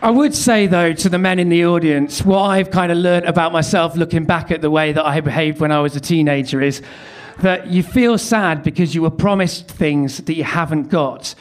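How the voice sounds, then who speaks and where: A man's voice: a little high, normal speed. Wry, self-mocking man on stage. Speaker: comedian. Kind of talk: stand-up reading his teenage love letter.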